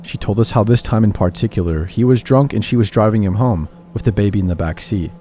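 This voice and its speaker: A man giving a scripted narration of horror stories in a measured, steady reading. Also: on the low side, slight background noise. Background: faint background music.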